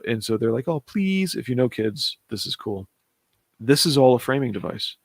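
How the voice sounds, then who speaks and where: A man's voice: medium pitch, dry recording. A man casually reviewing a comic book on a stream, thinking aloud, humming to himself and chuckling often.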